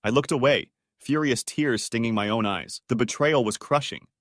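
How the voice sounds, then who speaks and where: A man's voice: mid-range voice, normal speed, a bit bright, no echo, clean studio sound. A man narrating a dramatic first-person story in a scripted, emotional read.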